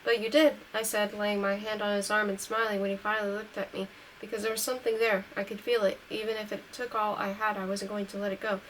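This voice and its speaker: A woman reads a novel aloud in an unpolished, home-recorded way, pausing to correct her own slips. Her voice sits in a middle pitch and gets a little brighter and louder on the characters' lines. A faint steady hiss runs under the recording. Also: low-quality recording. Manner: reads dialogue lines a little louder and livelier than narration. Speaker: audiobook reader. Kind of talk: amateur read-aloud of a novel.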